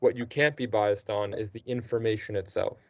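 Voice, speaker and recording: A man's voice: on the low side, fairly even intonation, a little fast, dry recording. A man teaching a student one-on-one, patient and encouraging, checking in with the student often. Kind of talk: one-on-one tutoring session. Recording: dull dry lo-fi recording.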